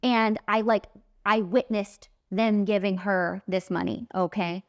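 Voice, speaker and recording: A young woman in her late twenties with a smooth, clear voice, telling a personal story on her podcast. Her delivery is casual and emphatic, sitting at a middle pitch for a woman. She leans on "like" and "literally" as she tells it. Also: flat delivery, unhurried, dry recording, clean studio sound. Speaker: podcast host and makeup artist.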